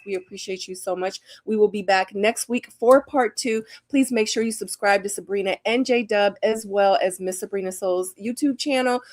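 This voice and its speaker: A woman's voice: medium pitch, a little mellow. A woman hosting a live reality TV review stream, chatting casually with viewers and laughing often. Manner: upbeat, affectionate, laughs often. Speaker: host of a reality TV review channel.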